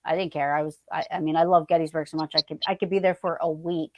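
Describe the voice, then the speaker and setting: A woman guest telling a story in an animated, excitable way, restarting lines and swearing freely. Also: sits low, fast talker, no echo, dull audio.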